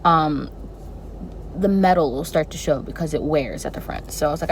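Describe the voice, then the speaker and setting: A young woman tells a personal story to her camera in a casual, animated way. Her voice sits a little low for a woman, and she swings into dramatic reactions. A faint background noise runs under the recording. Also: moderate pace, gravelly, poor audio. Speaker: flight attendant vlogger.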